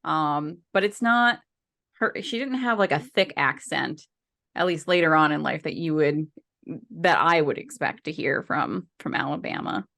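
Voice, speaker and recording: Podcast co-host, female, low-pitched, chatty and loose, lots of ums and restarts. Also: normal speed, creaky, bright, forceful tone. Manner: chatty, rambling with many fillers and restarts. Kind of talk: casual podcast chat.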